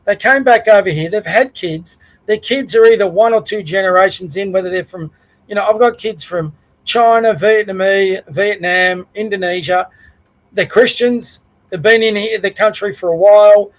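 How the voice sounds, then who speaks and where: A man's voice: high voice, moderate pace, poor audio. A middle-aged Australian man giving a rambling, plain-spoken political rant as the host of his own show. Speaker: podcast host.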